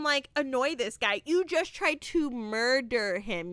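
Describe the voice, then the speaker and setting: A young woman talks through a movie on her podcast, laughing often and slipping into quoted voices. Her voice is bright and clear, a little above the usual pitch. The sound is dry and close. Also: lively intonation, measured pace, few pauses, dry recording. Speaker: podcast host. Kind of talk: casual movie review chat.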